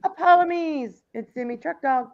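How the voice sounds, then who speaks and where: A woman co-hosting a livestream in casual chat, blunt and animated, swearing freely. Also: high voice, normal speed, muffled recording. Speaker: livestream co-host.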